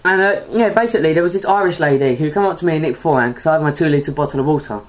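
Young man telling stories. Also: rapid-fire. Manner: storytelling, acts out quoted people in high voices. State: eating while talking. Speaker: podcast co-host. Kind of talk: casual chat.

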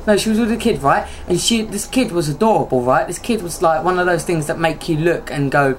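A woman's voice: fairly low pitch, brisk, noisy background. A woman co-hosting a podcast, telling stories chattily and asking "right?" again and again. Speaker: podcast co-host. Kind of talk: casual banter and storytelling.

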